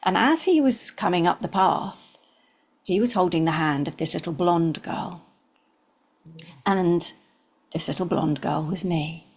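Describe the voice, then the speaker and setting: A woman in her sixties, an interview guest, earnestly telling a personal story and sometimes dropping into soft whispers. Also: lowish voice, a little slow, pauses often, slightly rough.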